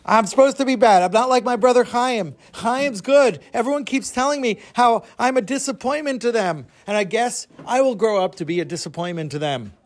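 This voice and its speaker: A man's voice: very high voice, a little fast, hardly any pauses, pitched above the performer's own voice. A man voicing a defiant, troublemaking young schoolboy in a told story, petulant and whiny. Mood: sulky defiant.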